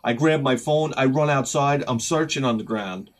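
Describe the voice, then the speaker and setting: A medium-pitched man speaking at a moderate pace, he runs a retro game channel and is vlogging casually. His story rambles along as he animatedly performs both sides of conversations in sharp bursts.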